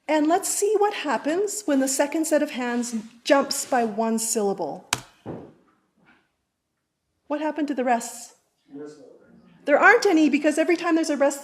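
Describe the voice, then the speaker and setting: High-voiced woman explaining music theory. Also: slight background noise. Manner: friendly, explanatory, some fillers. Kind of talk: live classroom explanation. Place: large room with audience.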